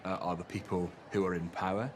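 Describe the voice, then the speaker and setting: Very deep-voiced man explaining calmly. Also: background noise. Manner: measured, with frequent hesitations. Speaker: language expert. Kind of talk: explanatory interview.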